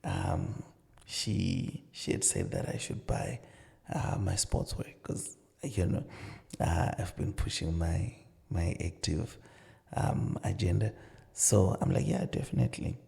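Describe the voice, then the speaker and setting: A middle-aged man, a marriage counsellor and pastor, earnestly telling stories and acting out dialogue in a relaxed conversation. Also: sits low, slow, vocal fry. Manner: earnest storytelling with many "you know" asides, acting out dialogue. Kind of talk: casual advice-giving conversation.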